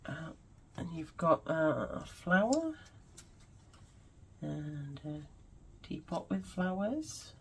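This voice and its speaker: A woman's voice: low voice, big pitch swings, drawn-out words, pauses often, breathy edge, poor audio. A woman at her home crafting table, gushing and musing aloud as she chats casually through her craft supplies. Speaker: craft vlogger.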